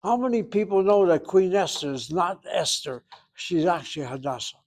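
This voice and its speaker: A man teaching a Hebrew class, explaining pronunciation and slowly repeating words for students to copy. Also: high-pitched, animated, a little mellow. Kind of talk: classroom lecture.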